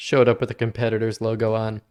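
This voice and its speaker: A man co-hosting a casual business podcast, relaxed and chiming in with short dry quips. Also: lowish voice, quick pace, smooth. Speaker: podcast co-host, business owner.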